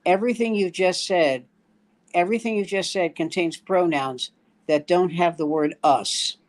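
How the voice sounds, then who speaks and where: A man's voice: high voice, moderate pace. Older male comedian telling a story. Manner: acts out quoted dialogue in the story. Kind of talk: storytelling in casual chat.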